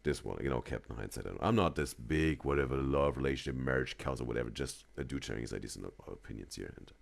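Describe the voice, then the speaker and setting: Low-voiced man giving advice. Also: quick pace, creaky. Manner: gives earnest advice, keeps adding "right?" and "bro". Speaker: reaction stream host. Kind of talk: live reaction commentary.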